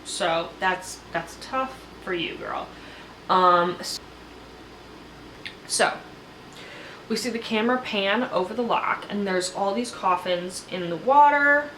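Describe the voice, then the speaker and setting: A woman's voice: medium pitch, takes it slowly, long pauses, fairly bright tone, a little hiss or hum. A young woman casually recapping a TV episode in a chatty, gushing way, acting out what the cast said. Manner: chatty, gushing, acts out the cast's lines. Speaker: recap vlogger. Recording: echoey room with faint ambience.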